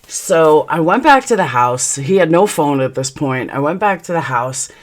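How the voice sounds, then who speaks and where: A woman telling a personal story in a vlog, blunt and heated, swearing freely and rambling through quick asides. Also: sits low, animated. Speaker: channel host.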